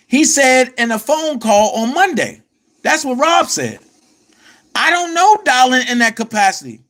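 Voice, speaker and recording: High-pitched confrontational man ranting. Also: sharp tone. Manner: confrontational, addresses his target directly, reads out article passages. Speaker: commentator. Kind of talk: heated vlog commentary.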